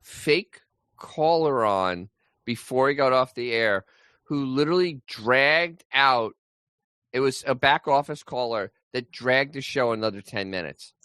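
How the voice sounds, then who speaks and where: A man's voice: medium pitch, unhurried, pushed and bright, clean tone, dry recording. New guy cohosting, sardonic, trips over his words, dry mic. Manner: sardonic, stammering restarts. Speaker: co-host. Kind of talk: casual chat.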